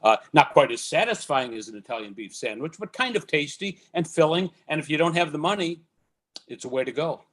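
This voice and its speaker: A man journalist co-presenting a library book talk, chiming in with relaxed comments and small laughs. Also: a little high, brisk. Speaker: culinary journalist, author. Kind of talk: library book talk over video call.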